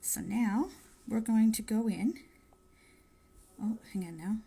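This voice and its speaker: This woman speaks slowly in a slightly high, warm, husky voice with vocal fry. She's a nail tech demonstrating polish application in a phone live stream, sharing tips and friendly asides as she chats along.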